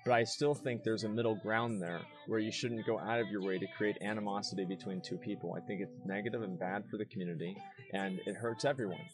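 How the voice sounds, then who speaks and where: A man's voice: fairly low pitch, steady tone, fast talker. Insistent man debating on stream. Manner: insistent, repeats words when pressing a point. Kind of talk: heated casual debate.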